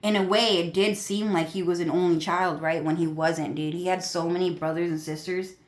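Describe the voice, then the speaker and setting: A woman's voice: lowish voice, fairly even intonation, moderate pace. Young woman ranting, swearing, rambling. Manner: crude, swearing, filler-heavy rambling. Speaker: vlogger. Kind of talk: rambling profane rant to viewers.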